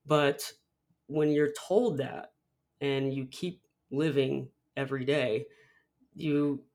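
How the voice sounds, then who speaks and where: A man's voice: medium pitch, fairly even intonation, slow pace, darkish tone. A young man, a podcast guest, telling a personal story in a rambling way with many restarts. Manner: rambling, many restarts, acts out film quotes.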